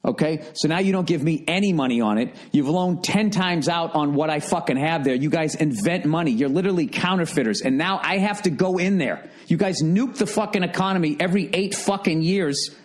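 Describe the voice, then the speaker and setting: A man hosting a solo comedy podcast, ranting profanely and swinging from shouted outbursts to low grumbling. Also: brisk, few pauses. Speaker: podcast host.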